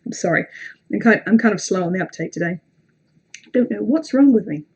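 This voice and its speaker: A woman's voice: mid-range voice, lively intonation, fairly quick, darkish tone, breathy edge, highs cut off. A young British woman with a British accent, chatting casually on a livestream between horror story readings, rambling, self-deprecating and sweary. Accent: British English. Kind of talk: casual live-stream chat and story reading.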